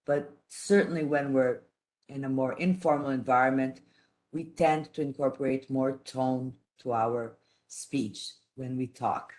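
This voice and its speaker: A woman giving a teaching lecture, speaking in a careful, halting way with frequent restarts and pauses. She grew up speaking three languages at once. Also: rumbling low, darkish tone. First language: none, raised trilingual. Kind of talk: online lecture.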